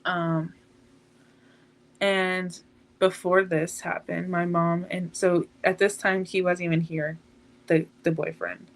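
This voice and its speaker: An eighteen-year-old woman, a podcast guest, telling a painful personal story in a halting, emotional way. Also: fairly low pitch, little pitch movement.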